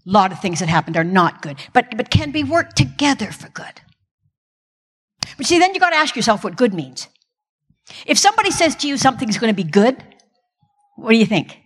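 A woman's voice: fairly high pitch, very animated, brisk, long pauses, a bit bright, breathy edge, in a large hall. An older woman giving a humorous, self-deprecating Christian talk from a stage with comic timing. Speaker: Christian speaker. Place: stage in a large hall.

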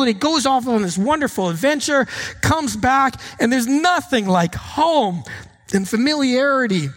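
A man's voice: extremely high pitch, fairly bright tone, long reverb tail. A man preaching a sermon as pastor, earnest and emphatic in short, punchy phrases.

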